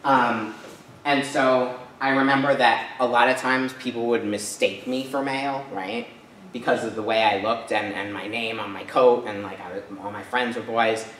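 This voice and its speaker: A man's voice: medium pitch, steady tone, moderate pace, fairly bright tone, slight background noise. A man from Rhode Island giving a casual personal talk to an audience, chatty, with many fillers and tag questions. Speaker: guest speaker. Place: church hall. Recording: echoey hall from far off.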